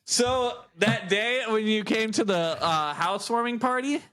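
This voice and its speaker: A man's voice: high-pitched, a little slow, a bit bright, clear, resonant tone. A man co-hosting a podcast, telling stories in casual chat, laughing often and swearing freely. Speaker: podcast co-host.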